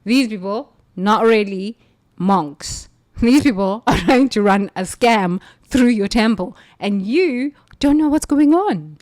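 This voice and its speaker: A woman from the United States recounts her time as a nun in a lively, emphatic monologue. She speaks in a middle-pitched voice and often laughs between her lines. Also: slow pace. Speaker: former nun, storyteller. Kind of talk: spiritual storytelling monologue.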